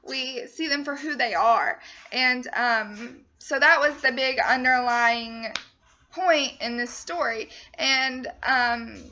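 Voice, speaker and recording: A young woman gives a class presentation on a short story, retelling it casually and leaning on "you know" and "um". Her voice sits high and sounds bright and sharp. The recording is dull and lo-fi. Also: takes it slowly, a little hiss or hum. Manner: chatty, full of fillers like "you know" and "um". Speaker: student presenter. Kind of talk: casual spoken book summary.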